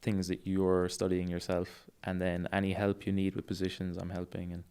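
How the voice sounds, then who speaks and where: A young Irish man, a jiu-jitsu coach, talking in a relaxed, enthusiastic way on a casual podcast. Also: low voice, normal speed, clear, resonant tone.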